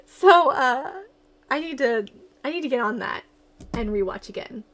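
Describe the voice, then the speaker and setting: A woman livestreamer in casual chat, excitable and giggly as she gushes like a fan. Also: high voice, measured pace.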